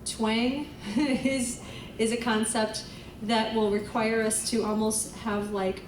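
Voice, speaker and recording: A woman's voice: fairly high pitch, level tone, slow pace, noisy background. Chatty vocal coach woman in an echoey room. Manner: chatty, demonstrates by singing vocal exercises. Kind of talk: group voice lesson. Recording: echoey room, voice from far off, music behind.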